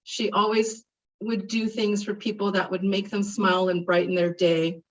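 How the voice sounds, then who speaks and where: A woman's voice: mid-range voice, moderate pace. A middle-aged woman delivering a heartfelt memorial eulogy, reminiscing about a dear friend. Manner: heartfelt, reminiscing, animated when retelling stories. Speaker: eulogy speaker. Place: memorial service. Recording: distant, muffled mic.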